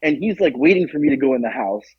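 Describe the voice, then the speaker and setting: Young male podcast co-host, husky, animated storyteller who acts out the voices. Dull, dry lo-fi sound. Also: quick pace, no echo. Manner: animated, acts out quotes with jumps in pitch. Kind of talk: casual storytelling.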